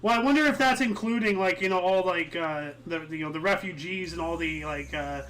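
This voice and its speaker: High-voiced joking man co-hosting. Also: brisk, fairly bright tone, rough recording. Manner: joking, laughs often, reads out dates. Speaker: podcast co-host. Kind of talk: casual history chat.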